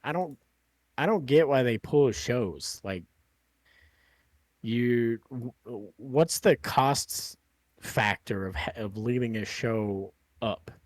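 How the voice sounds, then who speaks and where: A man's voice: medium pitch, slow pace, no room sound. A man hosting a podcast, chatting casually in a rambling way with lots of fillers and swearing. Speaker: podcast host.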